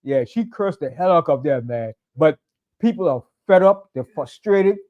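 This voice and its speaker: A man's voice: fairly high pitch, expressive, normal speed, darkish tone, lo-fi sound. A man leading a sabbath service, preaching in a fiery, conversational way with emphatic repetition. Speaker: pastor. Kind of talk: sermon.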